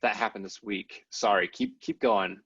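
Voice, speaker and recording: A man's voice: on the low side, wildly swooping pitch, normal speed, fairly bright tone, slightly rough, no echo. Guy rambling thru a politics chat, lots of um and you know, dry dull sound. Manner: rambling, many fillers and hedges. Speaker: podcast co-host. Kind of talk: casual political discussion.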